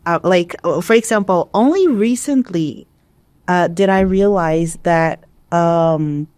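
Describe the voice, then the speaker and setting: A woman's voice: fairly low pitch, slow pace, a little mellow, no room sound. A Brazilian woman who is an English teacher, whose first language is Portuguese, explaining her ideas thoughtfully in a casual podcast conversation, speaking English with a Brazilian accent.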